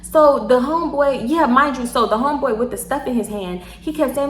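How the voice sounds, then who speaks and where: Young tipsy Houston woman, animated storyteller, a little high-pitched, echoey room. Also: a little fast, few pauses. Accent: Southern US, Houston. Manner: animated, laughs often, swears freely, acts out quotes. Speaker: storytime vlogger. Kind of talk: casual storytelling.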